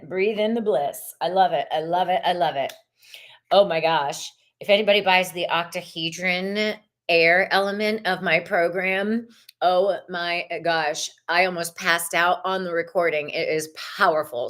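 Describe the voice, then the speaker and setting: A woman hosting a live tarot reading stream, chatty and expressive, greeting viewers in the chat and laughing often. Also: on the low side.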